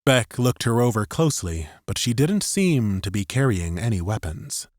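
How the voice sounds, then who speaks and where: A man narrating a science fiction audiobook in an expressive scripted style, close to the mic. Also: fairly low pitch, normal speed, no echo.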